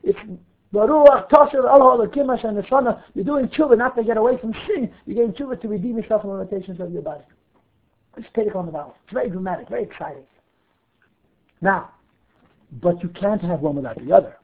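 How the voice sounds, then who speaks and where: A man's voice: high-pitched, quick pace. A man teaching a Torah class, reading Hebrew text and explaining it line by line with questions and answers. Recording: phone-like narrow audio.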